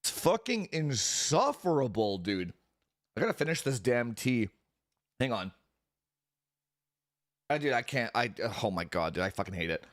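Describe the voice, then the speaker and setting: A man's voice: mid-range voice, very animated, normal speed, pauses often, no room sound. Profane ranting young man, dry sound. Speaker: streamer. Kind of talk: casual stream chat.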